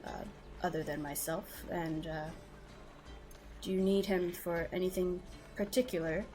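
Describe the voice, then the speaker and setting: A woman voicing a strict, quiet father in a tabletop game, speaking calmly and formally. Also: fairly low pitch, soft background music, lightly acted. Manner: calm, formal, measured.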